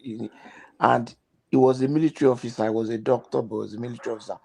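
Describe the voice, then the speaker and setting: A man's voice: mid-range voice, fairly even intonation, rapid-fire, creaky, a little mellow. A man from Nigeria with a Nigerian accent, telling personal stories in a casual chat and slipping into pidgin. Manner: anecdotal, switching into pidgin.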